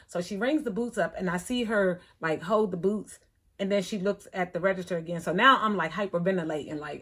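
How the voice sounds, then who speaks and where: A middle-aged woman, telling a story in a chatty, animated way, acting out the other people in it. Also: fairly low pitch, normal speed. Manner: chatty, animated retelling with quoted voices. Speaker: thrift vlogger. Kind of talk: casual storytelling vlog.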